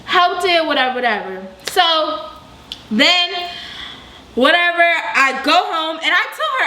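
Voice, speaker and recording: A young adult woman telling a storytime vlog in a casual, slangy, animated way, full of exclamations. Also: high-pitched, moderate pace, echoey room. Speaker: vlogger.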